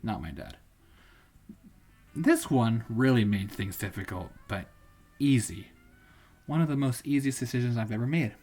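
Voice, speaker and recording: A man reads stories on a live stream in a loose, rambling way, often doubling back to fix his words. His voice is a little husky and rises and falls with lively swings in pitch. Faint music plays underneath. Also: moderate pace, long pauses. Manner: rambling, self-correcting, casual. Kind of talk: live-streamed story reading.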